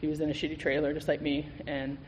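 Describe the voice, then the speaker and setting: Guy sharing his sobriety story at a meeting, kinda high voice, blunt and swears a lot, big echoey hall. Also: monotone, quick pace. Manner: frank and profane, storytelling with laughs. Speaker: AA guest speaker. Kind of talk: candid recovery testimony. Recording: reverberant hall with faint noise.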